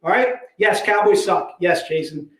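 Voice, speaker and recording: A man hosting a casual sales livestream, energetic and joking, constantly saying "all right". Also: high voice, normal speed. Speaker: livestream host selling comic packs. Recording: echoey room.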